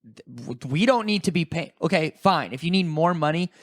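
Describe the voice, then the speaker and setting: A man's voice: on the high side, animated, a little fast, no echo, clean studio sound. A man, co-hosting a casual comedy podcast, riffing profanely and breaking into joke songs. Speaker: podcast co-host.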